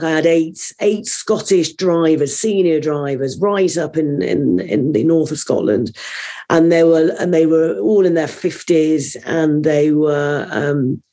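A deep-voiced woman appears as a trainer guest on an interview show, telling a long story in a rambling, animated manner full of fillers.

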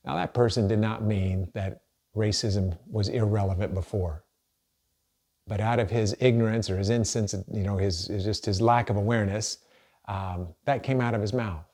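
A man's voice: on the low side, steady tone, moderate pace, darkish tone. A middle-aged man preaching a sermon as a pastor, earnest and conversational, often restarting his sentences.

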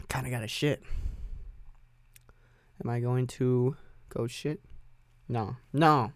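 Young man, solo podcast, rambling and profane, offhand, dry close sound, middle pitch. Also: steady tone, slow, pauses often, no room sound. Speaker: podcast host. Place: home music recording setup.

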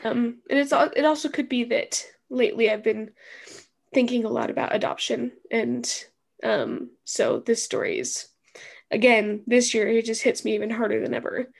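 A woman's voice: fairly high pitch, expressive, normal speed, vocal fry. A young woman co-hosting a podcast, talking in a reflective, hesitant way, still teary. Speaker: podcast co-host. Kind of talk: casual chat.

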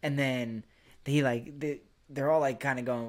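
A man's voice: medium pitch, normal speed. A young man hosting a podcast, telling crude, rambling stories and laughing often. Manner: crude, rambling storyteller who laughs a lot. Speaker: podcast host. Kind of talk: casual podcast chat.

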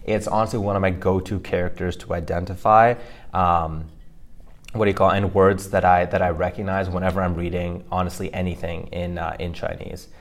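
Low-voiced man teaching pronunciation. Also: brisk. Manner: relaxed, explains with many fillers and restarts. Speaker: language teacher co-host. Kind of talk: casual instructional podcast.

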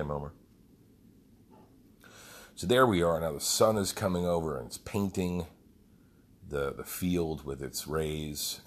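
A man's voice: a bass voice, slightly rough. A man who leads a group fitness program, telling a rambling, heartfelt story with some swearing. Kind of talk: casual storytelling monologue.

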